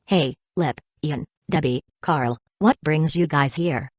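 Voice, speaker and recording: A woman's voice: sits low, slow pace, no room sound, clean studio sound. A woman reading a chatty male bartender. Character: easygoing male bartender, adult.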